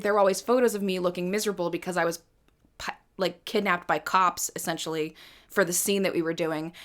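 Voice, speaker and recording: A woman's voice: medium pitch, a bit bright. A woman hosting a live music stream, chatting casually between songs, rambling and swearing freely with self-mocking humor. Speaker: livestream host and singer.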